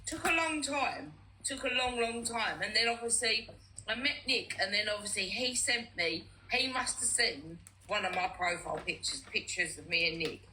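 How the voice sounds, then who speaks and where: A woman's voice: medium pitch, normal speed, sharp tone, slight background noise, low-quality recording. A young woman, chatting casually on a live stream and frankly telling a personal story, acting out both sides of past conversations. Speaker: host.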